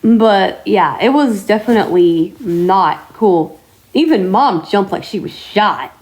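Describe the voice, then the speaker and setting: A woman vlogger chatting casually to her viewers, telling stories in a chatty way with mild swearing and drawn-out exclamations. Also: mid-range voice, animated, a little mellow. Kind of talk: casual chat to camera.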